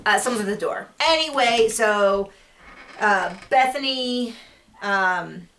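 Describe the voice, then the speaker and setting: A woman chatting casually as she recaps a show, rambling and acting out quotes in a higher voice. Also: slow, a bit bright, recorded from a distance, a little hiss or hum. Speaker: recap vlogger.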